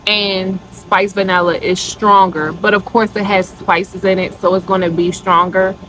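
A woman's voice: medium pitch, fairly even intonation, a little slow, fairly bright tone, a little hiss or hum, poor audio. A woman vlogger chatting casually to her viewers in a product review, gushing and calling them y'all.

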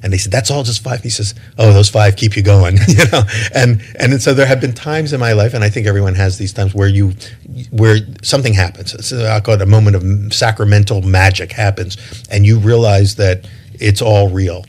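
A man with a somewhat low voice talks at length as an interview guest. He is thoughtful and halting, often repeating words and restarting his sentences while he gathers his thoughts. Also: fairly even intonation, darkish tone. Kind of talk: reflective interview talk.

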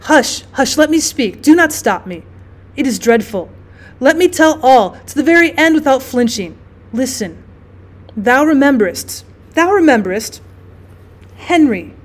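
A woman reading as a dying sister pleading softly. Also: high voice, expressive, a little slow. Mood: pleading confession. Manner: faltering, hushed and pleading. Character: dying younger sister, frightened and guilt-ridden.

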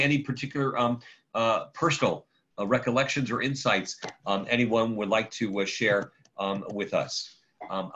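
A man's voice: fairly low pitch, fairly bright tone. A man, a rabbi, giving a conversational lecture over a video call and taking questions from the audience by name. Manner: halting, digressive, takes questions by name. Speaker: rabbi leading a class. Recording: muffled lo-fi online audio.

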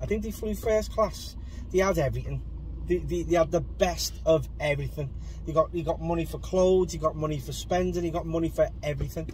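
A man's voice: fairly high pitch, brisk, low-quality recording. A man in his thirties, co-hosting a podcast, telling a long casual story in a rambling way with fillers and casual swearing. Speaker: podcast co-host. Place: in a car. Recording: loud road noise in a car.

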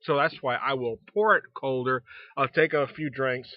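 A man's voice: medium pitch, fairly even intonation, normal speed, no room sound, dull audio. A man reviewing beer in a casual vlog, rambling with restarts and speaking frankly, with some mild swearing. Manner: rambling, frequent restarts and fillers; frank, mildly profane.

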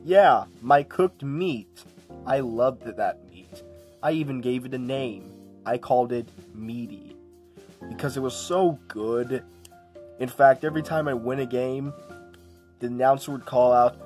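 A goofy, food-obsessed blocky game hero, put on by a man in a homemade sketch. He rambles at a slow, drawn-out pace and gets whiny and loud when something upsets him, with a plain middle-pitched voice. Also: soft background music, natural voice. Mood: boastful. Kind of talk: homemade comedy sketch voice acting.

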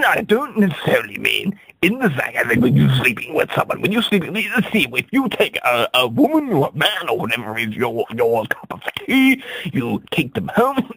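A man delivering a rambling, absurd comic monologue, stammering and jumping up into high squeaks for effect. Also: big pitch swings, moderate pace, creaky, fairly bright tone, slightly rough, dry recording.

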